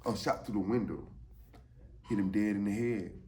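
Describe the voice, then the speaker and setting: A man telling a story from his time in jail, animated and emphatic, often asking "you know what I'm saying". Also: fairly low pitch, moderate pace, echoey room. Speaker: storyteller, former inmate. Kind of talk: casual spoken storytelling.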